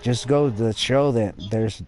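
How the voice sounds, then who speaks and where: A man's voice: medium pitch, slow, darkish tone, a little hiss or hum. A man streaming, chatting casually and bluntly about a game, rambling and swearing.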